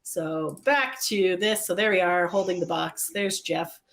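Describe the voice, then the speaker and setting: A woman's voice: on the low side, a little slow. A woman co-hosting a podcast, chatting casually and telling stories, acting out both sides of conversations with plenty of "like". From Toronto, Canada. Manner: chatty storyteller who acts out quoted exchanges with lots of "like". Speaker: podcast co-host. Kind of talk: casual chat recapping an event.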